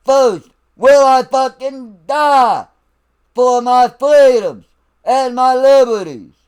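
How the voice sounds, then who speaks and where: A man from the United States shouting a profane political rant, lecturing in a drill-sergeant manner. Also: very high-pitched, expressive, smooth. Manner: slow, emphatic, lecturing. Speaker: vlogger.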